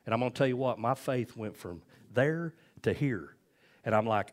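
Man preaching, fairly low voice, chatty storytelling sermon, checks in with "amen?". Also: measured pace. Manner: conversational preaching, frequent "amen?" and "okay?" asides, storytelling. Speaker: pastor.

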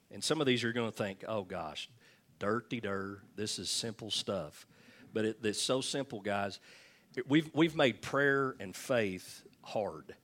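A man preaching a sermon as pastor, reading scripture aloud and breaking in with folksy jokes and asides. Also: on the low side.

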